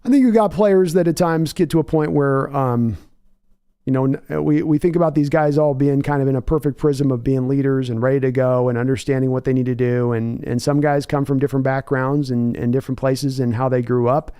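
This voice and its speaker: A man's voice: mid-range voice, steady tone, a little fast, dark tone, clean tone, no room sound, clean studio sound. A man hosting a live sports reaction stream, reading chat messages and rambling thoughtfully with many restarts. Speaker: livestream host.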